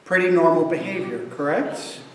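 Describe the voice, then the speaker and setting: A man's voice: on the high side, moderate pace. A male pastor delivering a sermon, telling a story with acted voices, in an echoey church, heard from far off.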